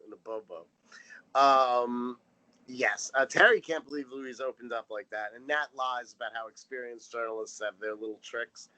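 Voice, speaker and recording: A man's voice: mid-range voice, normal speed, sharp tone, poor audio. A man co-hosting a comedy podcast, summarizing a TV episode with wry, dry remarks. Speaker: podcast co-host. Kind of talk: casual comedic recap chat.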